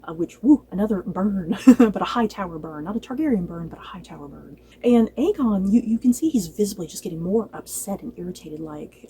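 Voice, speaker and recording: A woman casually reviewing a TV episode, chatty and animated, laughing often and acting out lines from the show. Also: medium pitch, a little fast, slight background noise, low-quality recording. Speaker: book and TV reviewer.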